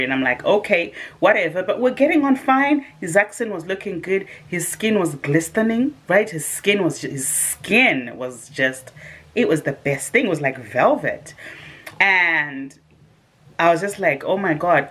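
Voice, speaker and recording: A British woman vlogs to her viewers, telling a personal story in casual, lively speech. She acts out the lines of the people in it. Her voice sits a little on the low side. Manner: animated, dramatic retelling with quoted asides. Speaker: vlogger.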